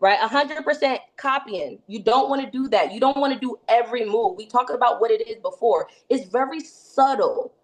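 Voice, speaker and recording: A woman coaching her sales team with lively energy. Her voice sits a little high. She punctuates points with quick tag questions. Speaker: sales trainer. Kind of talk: team training session.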